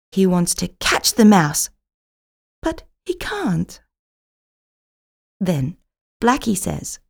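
A woman reading a children's story aloud slowly and clearly, as a storyteller. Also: medium pitch, sing-song, darkish tone.

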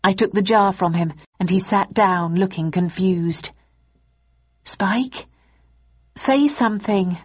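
A woman narrating an audiobook in the first person in a steady storytelling manner. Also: lowish voice, normal speed, few pauses, slightly rough. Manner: steady storytelling, voicing characters. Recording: dull lo-fi audiobook recording.

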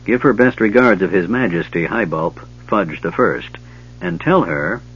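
A man's voice: deep voice, lively intonation, measured pace, husky, exaggerated voice. A man voicing a pompous little male gully dwarf king who speaks in broken, simple commands, in a dull lo-fi recording. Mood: commanding.

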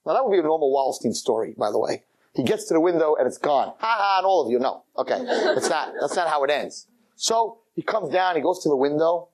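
A man, a rabbi, telling a story in a lecture with animated, theatrical delivery. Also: fairly high pitch, a little fast.

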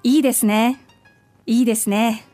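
A woman's voice: on the high side, steady tone, fast talker, mellow, no echo. A woman co-hosts a language podcast. She models each phrase carefully and repeats it for learners, then answers questions in short sentences. Faint music sits behind her. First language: Japanese. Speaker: podcast co-host and native-speaker model.

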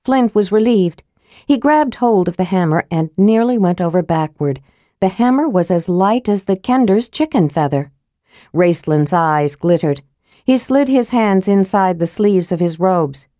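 A woman narrating an audiobook in an even storytelling manner, close to the mic. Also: medium pitch, a little slow, dry recording. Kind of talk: scripted narration.

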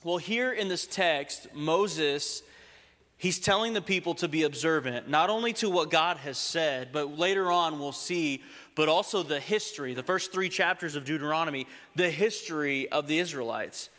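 A man with a high, bright voice preaching a sermon. He tells stories in a lively way and climbs toward emphatic points. A long reverb hangs in the sanctuary. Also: normal speed. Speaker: pastor. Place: church sanctuary.

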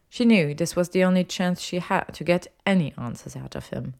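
Woman narrator, low voice, steady storytelling read. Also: normal speed, creaky, few pauses. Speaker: audiobook reader. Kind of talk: fan fiction narration.

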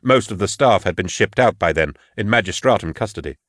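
A man narrating an audiobook in a measured, grave storytelling voice. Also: fairly low pitch, expressive, fairly bright tone, dry recording, studio quality. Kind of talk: scripted narration.

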